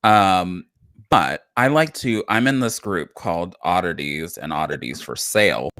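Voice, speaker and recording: A man co-hosting a loose live-stream talk show, chatty and rambling, with a lot of ums and restarts. His pitch swings around a lot as he talks. The sound is close and dry, with no room echo. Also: animated, measured pace, fairly bright tone. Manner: chatty, rambling, lots of fillers and self-corrections. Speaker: co-host. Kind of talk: casual live-stream chat.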